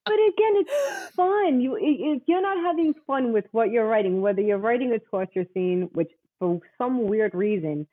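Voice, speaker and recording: A romance novelist in her forties chats casually, telling stories animatedly, laughing often and acting out quotes. Her voice is fairly high-pitched at a moderate pace with few pauses. The recording is dry, with narrow, tinny audio.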